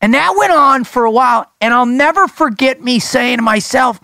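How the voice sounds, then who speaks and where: A man hosting a podcast, telling stories in a casual, excitable way. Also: very high-pitched, normal speed, gravelly, hardly any pauses, no echo, clean studio sound. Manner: excitable, animated storyteller. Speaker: podcast host. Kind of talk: casual chat and storytelling.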